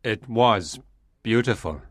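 A man's voice: lowish voice, lively intonation, slow pace, a bit bright, no echo, studio quality, heavily acted. A man doing a mysterious, possessive unseen man. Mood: tender. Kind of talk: audiobook reading of a graded reader.

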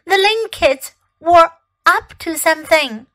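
Casting note: woman teacher narrating a picture book, high, lively voice, unhurried. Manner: slow, expressive read-aloud. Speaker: English teacher. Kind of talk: bilingual storybook reading.

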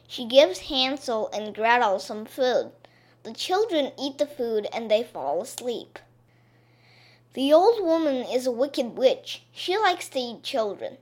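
Woman reading a fairy tale slow and clear, voice goes up and down a lot. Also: a little high, lively intonation. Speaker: storyteller. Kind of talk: slow storybook narration for learners.

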